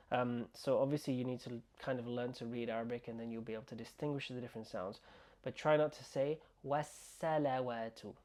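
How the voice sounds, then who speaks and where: A man teaching an online language lesson, slowly repeating words and sounds for the learner to copy. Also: mid-range voice, mellow. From United Kingdom. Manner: slow, repeating words and sounds to drill pronunciation. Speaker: Arabic teacher.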